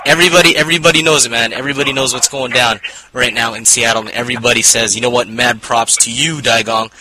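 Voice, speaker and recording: Guy hosting a fan show, talks fast and easygoing, packed noisy crowd all around. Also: medium pitch, steady tone. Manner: laid-back, hyped-up shout-outs. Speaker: podcast host. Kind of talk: casual chat with shout-outs.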